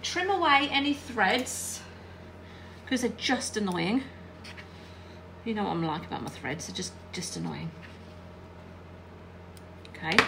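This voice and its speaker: A woman's voice: medium pitch, lively intonation, slow, vocal fry, pauses often, background noise. A woman giving a chatty hands-on quilting tutorial while she irons and sews, often checking in with her viewers. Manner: chatty, checks in with "all right?". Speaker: quilting teacher.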